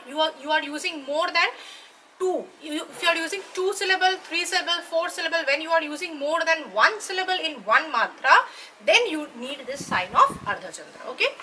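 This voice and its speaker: Bright-voiced woman teaching a lesson. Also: high voice, a little hiss or hum. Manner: patient, checks in with "right?" and "okay?". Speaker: dance teacher. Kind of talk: explanatory lesson.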